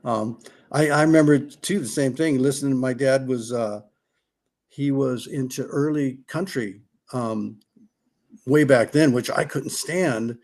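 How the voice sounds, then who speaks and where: A man as a podcast guest, talking in a relaxed, reminiscing way with drawn-out phrasing. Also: medium pitch. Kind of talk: casual chat.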